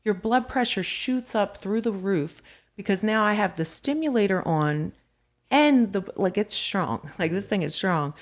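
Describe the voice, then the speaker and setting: A woman guest on a podcast, telling her story in casual chat, lively and full of "like" fillers. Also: medium pitch, measured pace.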